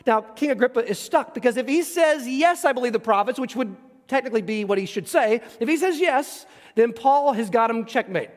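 A man with a strikingly high voice preaches a verse-by-verse sermon. He is animated and emphatic, pressing rhetorical questions on his listeners and acting out the voices of the figures he describes. His voice rings out with the long reverb of a large hall. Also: moderate pace. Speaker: pastor. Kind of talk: expository sermon.

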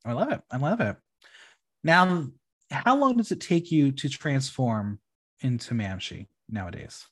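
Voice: mid-range voice, very animated, unhurried. A podcast host asking questions and reacting with short affirmations in a casual interview.

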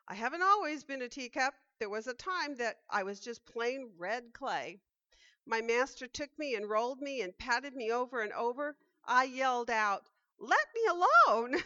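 A woman's voice: fairly high pitch, moderate pace, pushed and bright, no echo. A woman voicing a suffering little teacup that pleads and cries out, in a dull, dry recording. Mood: pleading. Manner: pleading, crying out.

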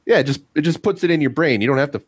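A man's voice: on the high side, expressive, rapid-fire, breathy edge, no room sound. A man co-hosting a casual podcast chat, loose and swearing freely. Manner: loose, swears, laughs easily.

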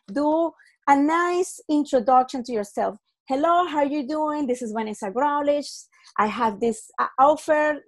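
Chatty woman podcast host, fairly high voice. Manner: chatty, laughs often, acts out short example dialogues. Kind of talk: casual podcast explainer.

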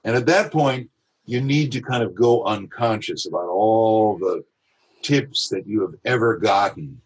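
Husky-voiced man explaining his craft. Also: lowish voice. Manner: reflective, explains with examples and quick imitations. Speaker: voice actor guest. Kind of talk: podcast interview talk.

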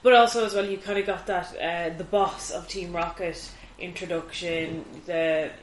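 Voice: mid-range voice, steady tone, normal speed, a little hiss or hum. A podcast co-host in easygoing casual chat, agreeing often. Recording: echoey room.

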